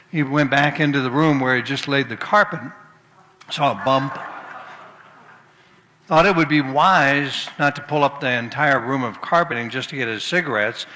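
Bright-voiced preacher in a reverberant hall. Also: male voice, mid-range voice. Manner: storytelling, folksy, with occasional restarts. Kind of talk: sermon with humorous anecdotes.

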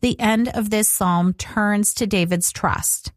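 A woman hosting a Christian radio program, reading a scripted devotional in a slow, earnest, reflective way. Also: medium pitch, no echo, studio quality.

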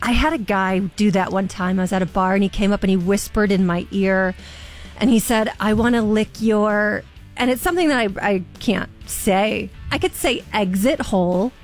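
A woman's voice: mid-range voice, fairly quick, faint music behind. A woman co-hosting a radio show, candid and laughing easily in casual chat.

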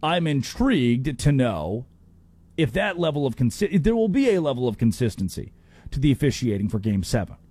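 Male sports talk host, mid-pitched, animated and opinionated, stumbles into restarts. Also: slightly rough. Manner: animated, opinionated, with quick restarts and playful impressions.

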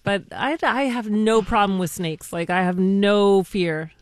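A woman's voice: mid-range voice, a little slow, no room sound, clean studio sound. A woman in her forties chatting casually as a radio co-host, friendly and talkative with some hesitations. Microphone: studio microphone.

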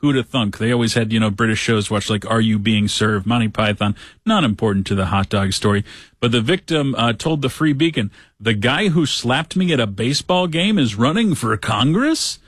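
A man hosting a talk show, reading a news story aloud with sarcastic asides and lively quoting. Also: medium pitch, normal speed, dry recording. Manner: sarcastic, animated when quoting others. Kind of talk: casual commentary reading news.

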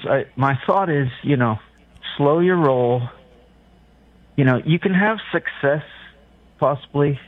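A man's voice: medium pitch, no room sound. Rambling male caller on a dry phone line. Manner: rambling, hesitant. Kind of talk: call-in radio chat.

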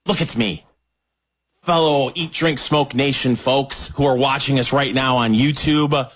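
A man's voice: mid-range voice, unhurried. A man co-hosting a podcast, delivering exaggerated comedic rants in casual chat. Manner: animated, exaggerated ranting. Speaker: podcast co-host.

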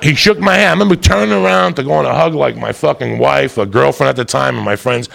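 Gravelly brash stand-up comedian, a man. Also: medium pitch, fast, heavy background noise. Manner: loud, brash and rambunctious, swearing constantly. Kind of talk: profane stand-up storytelling.

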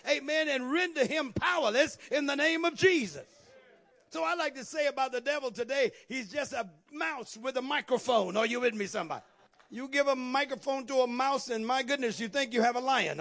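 A male preacher with a strikingly high voice delivers a sermon in call-and-response style. He reads scripture aloud, presses the congregation for amens, and rises to shouted emphasis.

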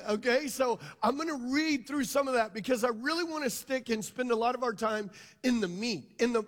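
A man's voice: very high voice, long reverb tail. A pastor preaching a sermon to his congregation, emphatic and drawing them into call and response. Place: church hall.

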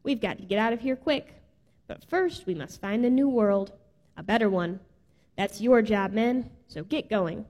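A woman voicing a blustering, bossy male world chief in a storybook reading, gruff and bellowing. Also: mid-range voice, lively intonation, a little slow, a little mellow. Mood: commanding.

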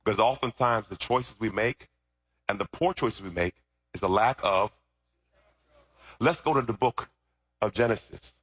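Bright, husky preacher calling to his flock. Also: mid-range voice. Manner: call-and-response questions to the congregation. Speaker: pastor. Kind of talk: sermon.

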